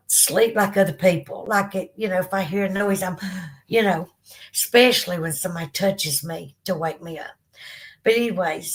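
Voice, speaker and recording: A woman's voice: mid-range voice, fairly bright tone. Emotional Southern woman telling her story. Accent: Southern American. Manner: candid, emotional, fighting back tears; rambling with frequent fillers. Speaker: podcast host. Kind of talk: live-stream storytelling, reading viewer comments.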